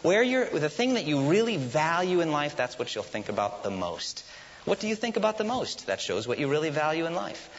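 A man preaches a sermon with animated, rising and falling emphasis. He keeps asking the congregation questions and supplying the answers. The recording is muffled and faintly hissy, with a long reverb from a large hall. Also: on the high side, brisk. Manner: asks the congregation questions and answers them himself. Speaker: pastor.

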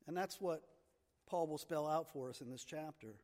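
A man's voice: a little high, normal speed, a little mellow. A man preaching a sermon as pastor, teaching with emphasis and leaning hard on key words. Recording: long reverb of a large hall.

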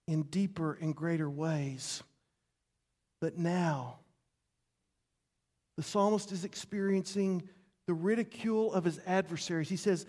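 A man preaching a sermon as pastor, dramatic, repeating words and swinging between loud passages and hushed ones. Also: high-pitched.

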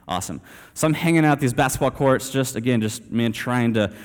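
A man's voice: medium pitch, brisk. A young man from Texas telling a story in a sermon, casual and self-deprecating, dropping "man" and "like" throughout. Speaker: preacher. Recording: reverberant hall.

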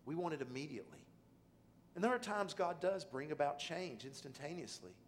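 A middle-aged man preaching a sermon, telling a personal story that drops quiet and low, then rises to loud, emphatic pleading. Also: expressive, fairly quick, a little hiss or hum. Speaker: pastor.

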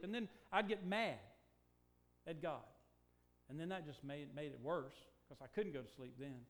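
An older man preaching a sermon, moving from quiet, reflective talk to slow, emphatic declarations. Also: a little high. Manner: preaching, swings from hushed to emphatic, stretched slow phrases. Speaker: pastor.

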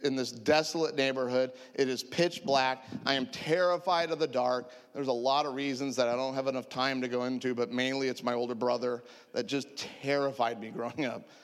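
A man in his forties preaching through a humorous personal story, animated and self-mocking, laughing often. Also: mid-range voice, brisk, few pauses, in a large hall. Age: 40s. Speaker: preacher sharing testimony.

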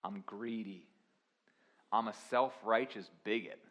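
A young man preaching a sermon, swinging from quiet confessional lines to loud, emphatic preaching. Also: lowish voice, fairly even intonation, takes it slowly. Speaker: pastor.

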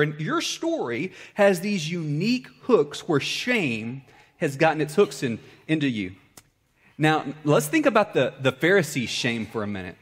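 A male pastor delivers a sermon, alternating between loud, high-pitched outbursts and quiet, low-voiced stretches.

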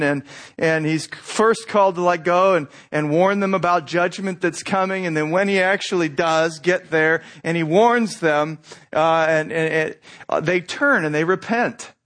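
A man preaching a sermon in a conversational way, with asides and restarts, acting out quoted voices. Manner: animated, acts out quoted voices with rising pitch. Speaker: pastor.

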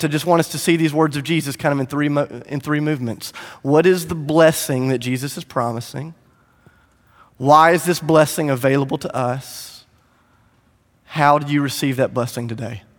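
A male pastor delivering a sermon in a church, telling the story emphatically with rhythmic lists and moving between loud and hushed passages. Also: mid-range voice. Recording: echoey hall.

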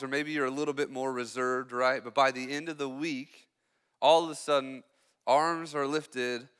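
A young man preaching as a student pastor, chatty and joking with quick asides to the congregation. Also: medium pitch, sharp tone, clear, resonant tone, in a large hall. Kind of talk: sermon. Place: church hall.

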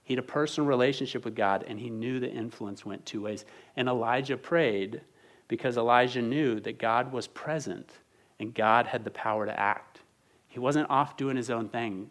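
A man's voice: mid-range voice, fairly bright tone. A man in his thirties preaching a sermon as a pastor, earnest and conversational, often restarting his sentences.

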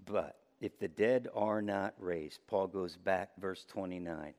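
A man preaching a sermon as pastor, impassioned, swinging between loud high peaks and low quiet passages. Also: slow.

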